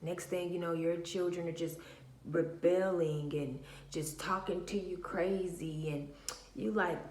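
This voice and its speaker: A woman's voice: lowish voice, normal speed. Blunt, profane woman in a roomy space. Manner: blunt, profane, animated storytelling. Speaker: spiritual vlogger. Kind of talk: casual monologue to camera.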